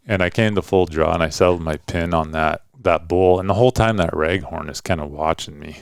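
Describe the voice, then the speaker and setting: A middle-aged man hosting a podcast, telling a hunting story in a relaxed, rambling, casual way. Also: deep voice, brisk, creaky, hardly any pauses, smooth, no echo. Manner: relaxed storytelling, loose and rambling with frequent "kinda" and "like". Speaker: podcast host and hunting dad.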